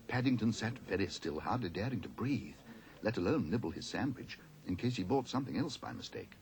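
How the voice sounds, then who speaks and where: A man reading a children's storybook aloud as narrator, gentle and expressive. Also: lowish voice, brisk.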